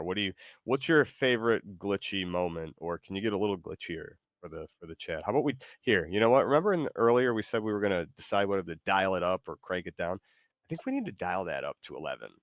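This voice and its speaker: A man hosting a livestream, excitable and rambling, with sudden loud bursts. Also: sits low, no room sound, clean studio sound. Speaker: streamer host. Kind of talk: casual livestream chat.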